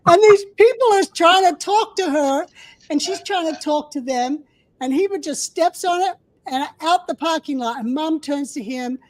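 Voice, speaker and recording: A woman co-host sharing a story in casual chat, lively as she tells it. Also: sits high, normal speed, no room sound, low-quality recording.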